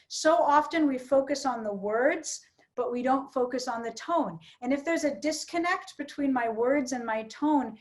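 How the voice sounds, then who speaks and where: High-voiced woman coaching a workshop. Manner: encouraging, coaching participants directly. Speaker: public speaking trainer. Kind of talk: online workshop teaching.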